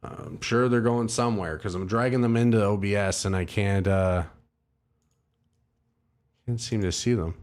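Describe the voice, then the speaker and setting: Low-voiced man rambling a profane story. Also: normal speed, long pauses, a little mellow. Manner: rambling, profane and self-mocking, with laughs. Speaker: livestream host. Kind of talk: casual storytelling to a live chat.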